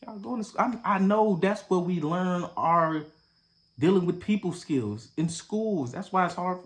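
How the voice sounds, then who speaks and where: A young man hosting a podcast, casually reacting to a viral video with profane, animated commentary that swings between loud bursts and low mutters. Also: unhurried.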